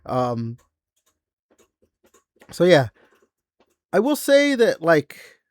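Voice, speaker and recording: A man's voice: on the high side, wildly swooping pitch, extremely slow, no echo. A man co-hosting a gaming podcast in casual chat, rambling with lots of fillers, restarts and casual swearing. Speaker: podcast co-host.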